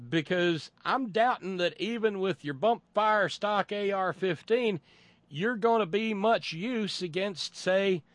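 A man's voice: high voice, slow, no echo. Rambling sarcastic man. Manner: rambling and sarcastic, many restarts. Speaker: commentator. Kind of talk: casual monologue commentary.

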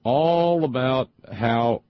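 A middle-aged man hosting a talk show, delivering an indignant, sarcastic political monologue with frequent halting repeats. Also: medium pitch, dry recording, lo-fi sound. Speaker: talk radio host.

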